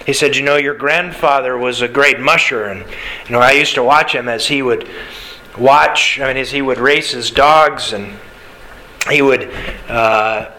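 A pastor delivering a conversational sermon. His voice sits a little high and rings bright and forceful. He tells stories in an easy, unhurried way, with fillers and restarts. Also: rough recording.

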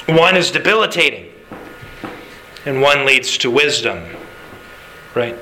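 A male pastor preaching a sermon in an animated, conversational way, full of rhetorical questions. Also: medium pitch, slow pace, a little hiss or hum, rough recording.

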